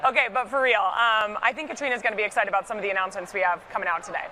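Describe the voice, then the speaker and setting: A woman's voice: mid-range voice, quick pace, sharp tone, slight background noise, low-quality recording. A woman anchoring a live event broadcast from the studio, playful and bubbly in her banter.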